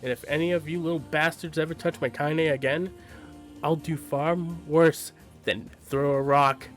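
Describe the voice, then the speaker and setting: A man voicing a small, tough old grandmother who talks gruffly and coarsely. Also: medium pitch, expressive, normal speed, soft background music, natural voice. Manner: gruff, loud, coarse-spoken.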